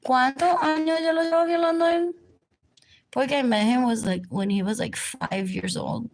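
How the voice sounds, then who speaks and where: A woman's voice: high voice, moderate pace. A woman rambling through a livestream monologue, drifting between topics and repeating herself.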